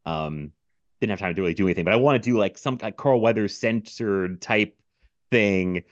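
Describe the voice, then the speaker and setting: A man's voice: fairly low pitch, moderate pace, no echo, muffled recording. A man hosting a podcast in casual chat over a video call, rambling and laughing often. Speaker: podcast host.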